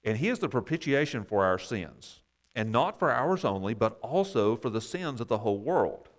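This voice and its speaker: Male Bible class teacher, explanatory, mid pitch, wry asides. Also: sing-song, normal speed.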